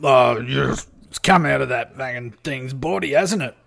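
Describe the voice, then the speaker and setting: A man voicing a crude male orc tavern worker who talks loudly and gruffly. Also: medium pitch, normal speed, a little hiss or hum. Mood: rowdy. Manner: loud, gruff, shouting.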